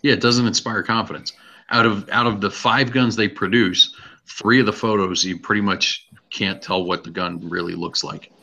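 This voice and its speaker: A man co-hosting a gun podcast, talking casually with a joking, drawn-out delivery. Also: lowish voice, fairly even intonation, vocal fry, pushed and bright, highs cut off. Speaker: podcast co-host. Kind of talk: casual chat.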